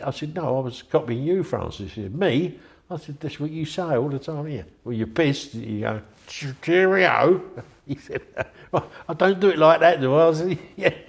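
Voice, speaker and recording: Telling anecdotes in an interview, an older man speaks in a creaky, mid-range voice. His delivery is chatty and rambling, full of restarts.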